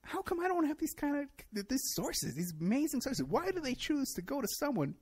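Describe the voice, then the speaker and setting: A man's voice: extremely high pitch, big pitch swings, fairly quick, a little mellow. A middle-aged man hosting his own show, delivering a rambling, sarcastic solo monologue and laughing at his own points. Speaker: show host.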